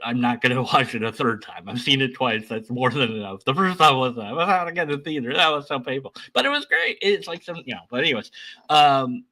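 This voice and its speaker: Bright-voiced man rambling through commentary. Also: medium pitch, lively intonation, a little fast, low-quality recording. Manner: rambling, many restarts and asides. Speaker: reaction commentator. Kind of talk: casual reaction commentary.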